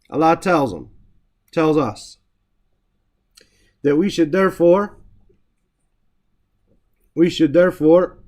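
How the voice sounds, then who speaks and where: Man teaching Quranic Arabic word by word. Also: a little high. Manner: explains word by word, recites Arabic verses quickly, repeats terms. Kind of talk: Quran vocabulary lesson.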